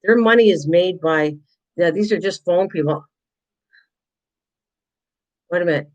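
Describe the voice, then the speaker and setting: A woman's voice: fairly low pitch, unhurried, pauses often, a little mellow, rough recording. A chatty woman talking casually to her viewers while she works on a craft project, laughing at herself. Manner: chatty, self-deprecating, talks to viewers in chat. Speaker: craft vlogger.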